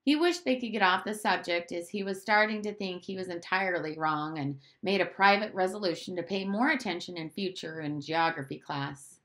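A woman teacher reading a storybook aloud with expressive narration. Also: on the low side, moderate pace, hardly any pauses.

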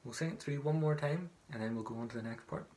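A man's voice: medium pitch, quick pace, darkish tone. A man teaching traditional singing, giving encouraging, instructive directions between sung lines and counting the learners in. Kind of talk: sung lesson with spoken instructions.

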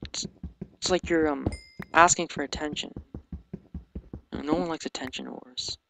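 A teenage boy giving casual, hesitant commentary over a game, talking quietly and mumbling, recorded at home on a sensitive microphone. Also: a little high, steady tone, measured pace, creaky. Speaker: let's play commentator. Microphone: sensitive desk microphone. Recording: noisy home mic recording.

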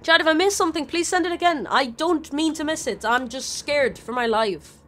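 A woman's voice: high voice, fairly quick, fairly bright tone. A woman streaming a video game live, swearing freely while talking to her chat and the characters on screen. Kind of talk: live gameplay commentary.

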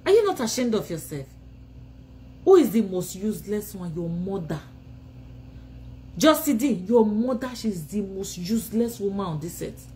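A woman's voice: mid-range voice, a little mellow, a little hiss or hum, poor audio. Nigerian woman ranting and scolding on a phone. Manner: scolding, insulting, taunting. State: tired, sleepy. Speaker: vlogger. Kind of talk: ranting live video.

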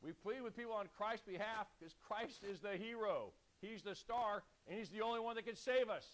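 High-voiced preacher man exhorting a congregation. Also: a little fast. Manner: urgent, exhorting, calls for congregation responses. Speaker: pastor. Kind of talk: sermon.

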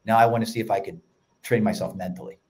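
A man with a Philadelphia accent, a podcast guest telling stories in an energetic, casual way. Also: lowish voice. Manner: energetic storyteller, quick run-on sentences. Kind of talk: casual chat.

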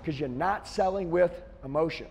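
A man's voice: fairly high pitch, moderate pace, vocal fry, darkish tone, big-room sound, faint music behind. A middle-aged man, a sales trainer, giving an intense, emphatic motivational talk to the camera.

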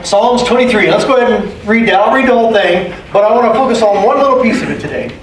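A man's voice: high voice, expressive, quick pace. A man preaching a sermon as pastor, emphatic, repeating key phrases and calling for amens. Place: church sanctuary. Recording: echoey room, distant mic, faint ambience.

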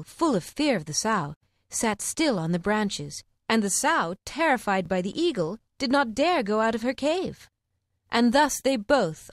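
Expressive woman narrating an audiobook. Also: on the high side, no room sound, studio quality.

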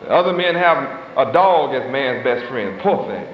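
A man's voice: medium pitch, expressive. A man preaching a sermon in a dramatic, folksy style, stretching out words for emphasis, with chuckling asides and loose grammar. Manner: dramatic, swooping emphasis, slow drawn-out stresses. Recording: echoey hall, muffled old tape.

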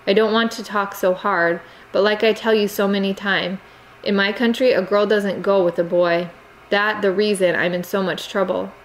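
A woman doing a quiet, dutiful immigrant girl. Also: medium pitch, steady tone, a little hiss or hum, close to an everyday voice, rough recording. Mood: restrained. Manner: quiet, halting non-native phrasing, restrained. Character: reserved young Cambodian immigrant girl, torn and dutiful.

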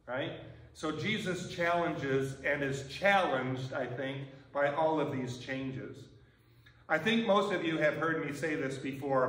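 A man preaching a sermon as pastor, talking in a relaxed, conversational way and often checking in with "right?". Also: a little high. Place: church sanctuary. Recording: echoey church from far off.

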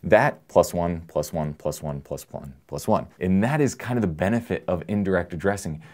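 A man presenting an electronics lesson in a relaxed, joking way, explaining with everyday analogies. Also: low voice, normal speed. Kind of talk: casual technical lesson.

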